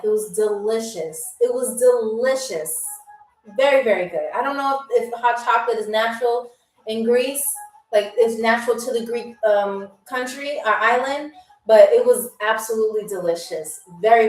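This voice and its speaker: A woman's voice: fairly high pitch, normal speed, reverberant, recorded from a distance, low-quality recording. A woman from New York hosting a live-stream game show, chatty and playful as she answers viewers' comments.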